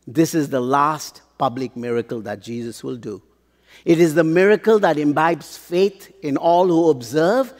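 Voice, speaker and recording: A man preaching a sermon, pausing for effect and asking the congregation rhetorical questions. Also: on the high side, darkish tone. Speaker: pastor. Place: large church hall. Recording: long hall reverb.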